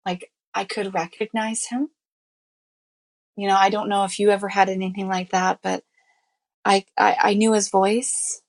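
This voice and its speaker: A woman speaks as an interview guest, recounting a deeply personal story in a candid, earnest way. Her talk is loose and conversational, scattered with "you know" and "I mean." She sounds emotionally close to what she describes, as if reliving it while she speaks. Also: level tone, moderate pace, long pauses. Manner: emotional, reliving events as she tells them.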